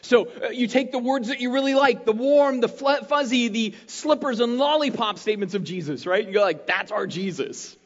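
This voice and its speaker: A man preaching a sermon as pastor, talking in an animated, conversational way and checking in with his listeners often. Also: very high voice, fairly quick, hardly any pauses. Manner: conversational, animated preaching with frequent "right?" tags. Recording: muffled, long hall reverb.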